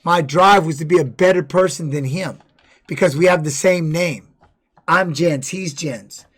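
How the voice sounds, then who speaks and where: A man's voice: a little high, measured pace, fairly bright tone. A man streaming live, talking loosely and swearing heavily as he comments and tells personal stories. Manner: rambling, heavy swearing; candid personal storytelling. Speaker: streamer and former fighter. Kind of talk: casual livestream chat.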